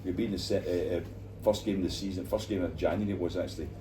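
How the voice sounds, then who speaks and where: An older Scottish man, a former footballer, telling animated stories in an interview and acting out the voices of people he quotes. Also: deep voice, very fast. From Scotland. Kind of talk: storytelling interview in a bar. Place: bar. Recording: distant mic, noisy bar.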